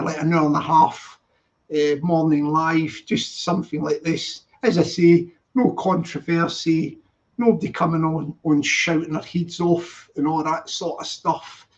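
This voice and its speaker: Chatty man with a high voice. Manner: rambling, repeats himself, chatty. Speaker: live stream host. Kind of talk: casual chat reading viewer comments. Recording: dull lo-fi stream audio.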